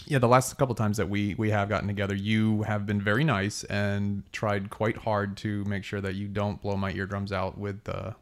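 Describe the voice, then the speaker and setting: A man's voice: fairly low pitch, flat delivery, normal speed, few pauses, clean tone. A man hosting a podcast in a casual chat, with a dry, teasing way of talking, recorded in a small studio with a wood floor. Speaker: podcast host. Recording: echoey room.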